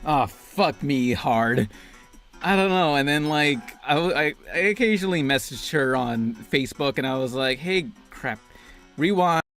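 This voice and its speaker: A man's voice: fairly high pitch, lively intonation, unhurried, a bit bright, soft background music. A man in a video telling an awkward personal story while gaming, hesitant, stammering and self-deprecating. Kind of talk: vlog storytelling over gameplay.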